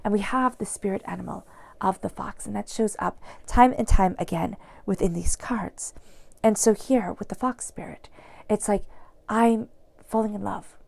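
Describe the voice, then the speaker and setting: A woman gives an earnest tarot reading in a soft, mellow voice with a gravelly edge of vocal fry. She slips now and then into near-whispers. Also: mid-range voice, moderate pace. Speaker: tarot reader.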